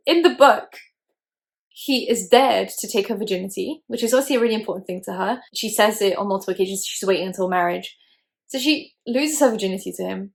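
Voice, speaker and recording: A woman's voice: mid-range voice, fast talker, vocal fry. A young woman hosting a casual movie reaction video, chatty and opinionated with plenty of "like". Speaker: YouTuber host.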